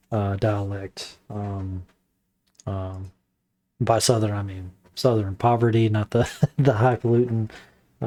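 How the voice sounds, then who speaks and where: A man giving a casual, rambling book review, halting often with fillers and restarts. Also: lowish voice, warm tone.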